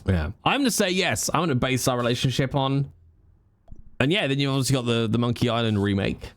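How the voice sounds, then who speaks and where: A man with a medium-pitched, expressive voice gives casual live-stream commentary while playing a game. He talks a little fast, chatty, jokey and rambling.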